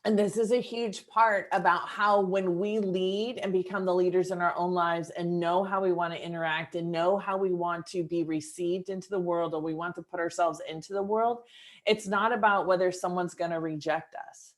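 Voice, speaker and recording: A woman in her fifties, calmly hosting a reflective coaching conversation. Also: lowish voice, normal speed. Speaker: coach and host.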